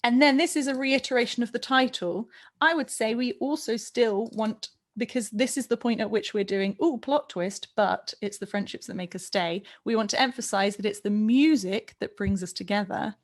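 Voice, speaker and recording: A woman's voice: fairly high pitch, normal speed. Woman coaching a barbershop chorus online. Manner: warm, encouraging, sings and speaks example lines. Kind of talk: online singing workshop. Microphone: video call.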